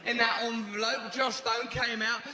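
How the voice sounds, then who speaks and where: Man, stand-up comedian, high-pitched, rambling with "right?", live theatre hall echo, audience laughter. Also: normal speed. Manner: rambling, animated, lots of "right?". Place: large theatre stage.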